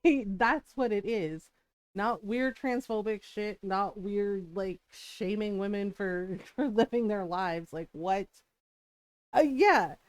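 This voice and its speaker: A middle-aged woman, a streamer and mother, tells stories from home in a casual chat on her stream. She speaks slowly in a mid-range voice, laughs often, and checks in with "right?"; the recording is dry.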